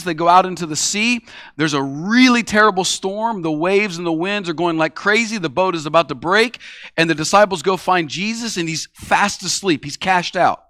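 A man's voice: high-pitched, pushed and bright, no room sound, studio quality. A man preaching a sermon in a conversational way, acting out the voices he quotes. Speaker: pastor.

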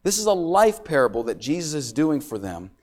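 A man preaching a sermon, swinging between loud, intense passages and quiet, hushed lines. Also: fairly high pitch, very animated, fairly quick. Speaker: pastor.

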